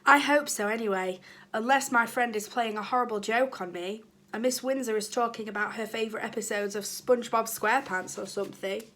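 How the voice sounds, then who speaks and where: Higher-voiced teacher reading a storybook aloud. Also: female voice, a little fast, a bit bright, a little hiss or hum. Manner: chatty asides to the children. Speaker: primary school teacher. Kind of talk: reading a children's book aloud.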